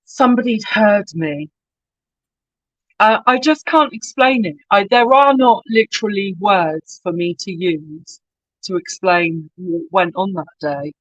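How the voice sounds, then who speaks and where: A woman's voice: fairly low pitch, no room sound, rough recording. A middle-aged woman with a West Country accent, a podcast guest telling candid, story-filled anecdotes and swearing freely. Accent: West Country English. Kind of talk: casual podcast chat.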